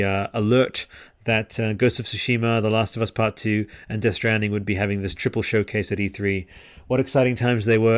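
An Australian man in his thirties hosting a live-stream podcast, chatting casually and reading viewer comments aloud with lots of fillers and restarts. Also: fairly low pitch. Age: 30s. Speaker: podcast host. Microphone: headset-style home podcast mic.

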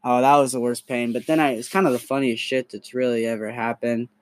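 A young man hosting a podcast in a casual, crude, animated storytelling manner. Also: medium pitch, a little fast, no room sound. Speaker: podcast host.

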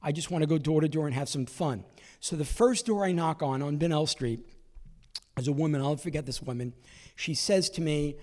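Sex: man. Role: stand-up comedian. Style: storytelling set. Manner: wry, conversational, acts out quoted voices. Pitch: somewhat high. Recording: long hall reverb. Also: a little fast, a little mellow.

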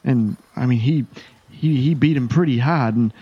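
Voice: mid-range voice, normal speed, husky, muffled recording, pitched above the performer's own voice, natural voice. A game master voicing a nervous, stammering male elf thug who failed as an actor. He repeats words in panic.

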